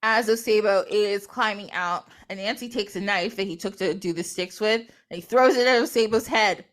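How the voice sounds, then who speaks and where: A woman's voice: medium pitch, moderate pace. A woman hosting a podcast, retelling a folktale in casual chat and acting out its characters with playful voices and frequent laughter. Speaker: podcast host. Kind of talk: animated storytelling in casual chat.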